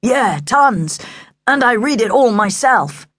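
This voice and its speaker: A woman's voice: on the high side, animated, takes it slowly, slightly rough, no echo, pitched above the performer's own voice, full character voice. A woman voicing a boastful, show-off young boy with a swaggering, self-important manner.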